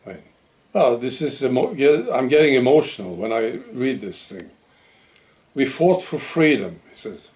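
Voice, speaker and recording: Middle-aged guy talking slow, halting monologue, stops and restarts a lot, average pitch. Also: expressive, a little mellow. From Sweden. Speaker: commentary channel host. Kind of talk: casual monologue commentary.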